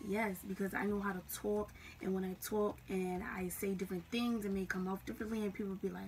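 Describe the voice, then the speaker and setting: A woman's voice: mid-range voice, steady tone, a little fast, few pauses, a little mellow, breathy edge, far from the mic. A young woman with a Southern US accent, chatting casually to camera in a slangy, emphatic way. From Southern United States. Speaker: vlogger.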